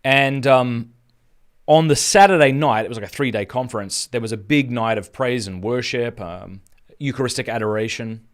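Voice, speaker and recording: A man's voice: medium pitch, moderate pace. An Australian man in his thirties, hosting a live stream and telling a personal story in a casual, earnest way with frequent restarts. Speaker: Catholic speaker and podcast host.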